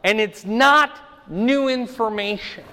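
A man teaching a Bible lesson verse by verse, explaining slowly and checking in with "right?" and "okay?". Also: high-pitched, pushed and bright, long reverb tail.

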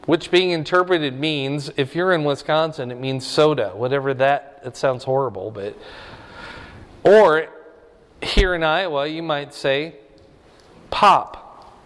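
A man's voice: on the high side, slow pace, pauses often, a bit bright. A middle-aged man preaching a Bible lesson in a conversational way, asking his listeners questions. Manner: conversational, asks the audience questions. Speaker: pastor. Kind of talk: Bible teaching to a congregation. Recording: long hall reverb.

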